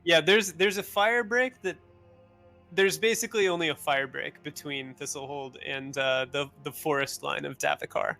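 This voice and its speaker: A man narrating as game master of a tabletop game in a relaxed, rambling way. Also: on the high side, normal speed, gravelly, faint music behind. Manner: relaxed, rambling, with filler words.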